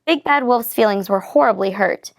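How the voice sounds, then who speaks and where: A woman reading a children's picture book aloud in an expressive, lively storytelling manner. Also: mid-range voice, moderate pace. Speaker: reader.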